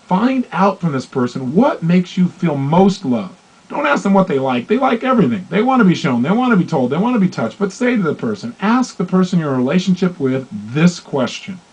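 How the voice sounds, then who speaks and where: A man giving a motivational talk on love and relationships, acting out both partners in dialogue with lively, shifting voices. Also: a little high, breathy edge, muffled recording. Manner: animated, acts out both partners in quoted dialogue. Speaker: motivational speaker.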